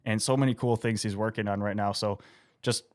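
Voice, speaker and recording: A man's voice: lowish voice, steady tone, fairly quick, darkish tone, clear, resonant tone. Laid-back young male podcast host. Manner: friendly, laid-back, laughs easily, many "um"s. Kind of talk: casual podcast interview.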